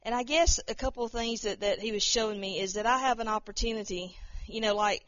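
Casting note: high-voiced woman, rambling testimony, dull dry recording. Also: fast talker, no room sound. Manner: rambling, repeats words, acts out quoted voices. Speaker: speaker sharing a testimony. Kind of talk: informal testimony talk.

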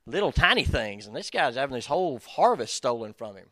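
A man's voice: mid-range voice, sing-song, a little fast, hardly any pauses, sharp tone, dry recording. Man, casual sermon, chatty and self-deprecating, talks straight to listeners, dry sound. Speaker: preacher. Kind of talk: conversational sermon.

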